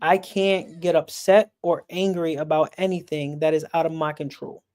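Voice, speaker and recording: A man's voice: a little high, little pitch movement, normal speed, a little mellow. A man talking earnestly about support and mental health on a stream, often repeating words as he gathers his thoughts. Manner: earnest, repeats words while searching for them. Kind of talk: earnest personal talk.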